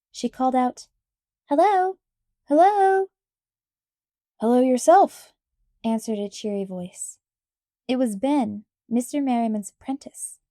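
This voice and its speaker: A woman reading an audiobook aloud, narrating a children's story in a calm, clear way. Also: a little high, no echo, clean studio sound. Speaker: audiobook reader.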